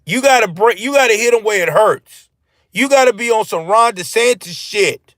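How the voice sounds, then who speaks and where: Brief: high-pitched man ranting on a live stream, profane and animated, dry close sound. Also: normal speed, dry recording. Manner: profane, animated, answers chat. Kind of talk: ranting political commentary.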